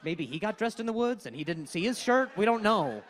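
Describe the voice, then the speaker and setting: A man's voice: high voice, big pitch swings, brisk, fairly bright tone. A young man doing stand-up crowd work, stammering and repeating words, laughing often. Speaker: stand-up comedian. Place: comedy club stage.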